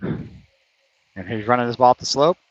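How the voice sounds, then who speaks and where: A man's voice: mid-range voice, unhurried, dull audio. A man playing a round of mini golf outdoors, commentating it live and getting frustrated and competitive over bad shots. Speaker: player commentating his own round. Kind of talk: casual play-by-play while playing.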